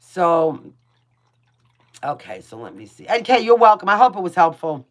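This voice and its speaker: A woman's voice: lowish voice, very animated, moderate pace. A woman with a New York accent giving casual, blunt tarot readings on a livestream, chatting with viewers by name and swearing freely. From Brooklyn, New York.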